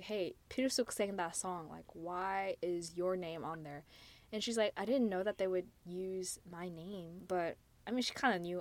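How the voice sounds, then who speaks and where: A woman's voice: medium pitch, dry recording. Female podcast co-host, casual drama recap, dry close mic. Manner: chatty recap, many fillers. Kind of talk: casual chat.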